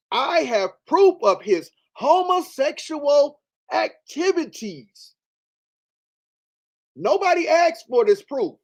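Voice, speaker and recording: Animated slow-talking man hosting a show. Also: very high voice. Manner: emphatic, repeats phrases, rhetorical questions. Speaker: show host. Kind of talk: commentary reading out texts.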